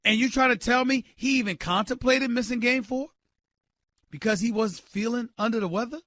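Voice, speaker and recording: A man hosting a sports talk show, ranting loudly and emphatically with incredulous exclamations and direct calls to his listeners. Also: very high-pitched, moderate pace, no room sound. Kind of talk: sports radio rant.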